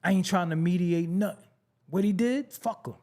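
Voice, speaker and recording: A man hosting his own show, talking bluntly in a casual commentary monologue. He swings from low mutters to high, incredulous outbursts. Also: moderate pace, a little mellow. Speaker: show host.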